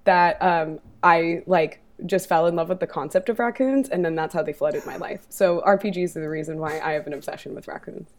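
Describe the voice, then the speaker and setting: Rambling, relaxed woman telling a story. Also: lowish voice, brisk, hardly any pauses. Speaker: podcast co-host. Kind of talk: casual group chat.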